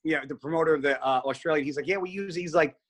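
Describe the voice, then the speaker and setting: A man chats casually in a lively, swearing storytelling style. His voice sits a little high for a man. It is relaxed podcast talk. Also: racing. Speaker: guest bodybuilder.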